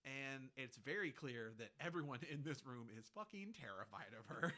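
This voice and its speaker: A man hosting a casual film podcast, animated, laughing often and swearing freely. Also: mid-range voice, normal speed. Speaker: podcast host.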